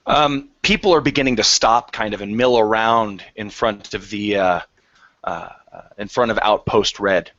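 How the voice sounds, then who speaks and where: A man narrating as game master of a tabletop game, describing scenes in a halting way with fillers. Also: on the low side, a bit bright, no echo. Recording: dry, dull lo-fi sound.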